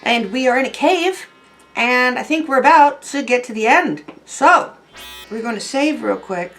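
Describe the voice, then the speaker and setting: A woman casually commenting on a game and reading its text aloud, with many pauses and fillers. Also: sits high, lively intonation, fairly bright tone, soft background music. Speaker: game streamer.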